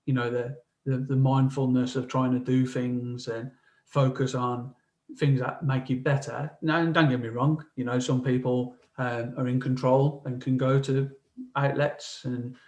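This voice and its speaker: A man's voice: mid-range voice, little pitch movement, a little mellow, rough recording. A man in casual podcast chat, stumbling and restarting as he talks about himself. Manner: halting, stammering restarts. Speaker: podcast co-host.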